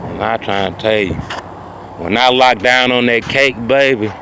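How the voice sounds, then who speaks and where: A man telling a rambling, boastful comic story, often turning to his listeners with "ladies and gentlemen.". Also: medium pitch, moderate pace, a little hiss or hum. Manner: rambling, boastful, repeats "ladies and gentlemen" and "you know what I'm saying". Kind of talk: improvised comic storytelling monologue.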